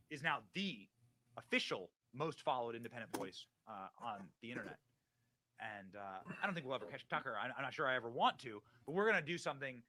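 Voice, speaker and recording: A man hosting a live show, talking in a hyped, preachy way that swings from loud bursts to hushed asides. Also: mid-range voice, slight background noise. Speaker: show host. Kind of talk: casual livestream talk.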